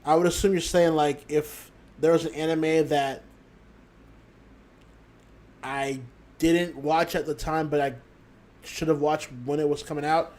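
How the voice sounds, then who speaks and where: A man's voice: on the high side, little pitch movement, a little slow, pauses often, a little mellow. A man hosting a live podcast, ranting bluntly and with plenty of swearing, then taking questions from the chat. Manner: profane, heated ranting; blunt, emphatic declarations. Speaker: podcast host.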